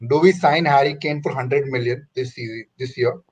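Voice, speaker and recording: A man's voice: mid-range voice, normal speed, darkish tone, slightly rough, dull audio. A man hosting a casual football discussion, posing questions to his co-hosts. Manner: questioning, conversational. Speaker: podcast host.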